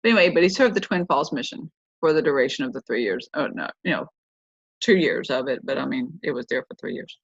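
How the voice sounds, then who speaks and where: A woman's voice: very deep voice, lively intonation, fast, slightly rough, no echo. A middle-aged woman host telling a personal story in a casual, rambling way, often correcting herself as she goes. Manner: rambling, self-correcting, chatty. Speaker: podcast host. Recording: dull lo-fi dry recording.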